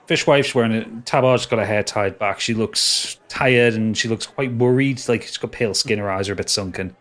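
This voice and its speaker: A man's voice: medium pitch, fairly bright tone. A man narrating a tabletop game as game master, talking with many stops and restarts.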